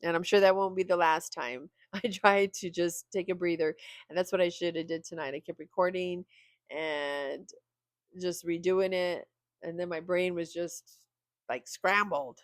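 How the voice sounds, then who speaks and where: A woman's voice: fairly low pitch, steady tone, unhurried, no echo, clean studio sound. A tired middle-aged woman chatting candidly and a little ramblingly to camera as a video creator. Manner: candid and rambling, with small laughs. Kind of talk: casual vlog talk to camera.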